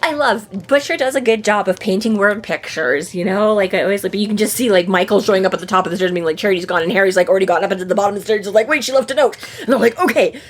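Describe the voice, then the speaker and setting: Woman, podcast co-host, casual and profane, mid-range voice, slips in quick impressions of characters. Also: mid-range voice. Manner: chatty, swears freely, acts out characters' lines. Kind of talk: casual book discussion.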